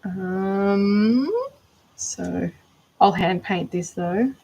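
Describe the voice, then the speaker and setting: A woman's voice: mid-range voice, extremely slow, vocal fry, warm tone, muffled recording, a little hiss or hum. A woman chatting casually to viewers on a craft livestream, laughing often and trailing off mid-thought. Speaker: livestreaming doll maker. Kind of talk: casual live stream chat.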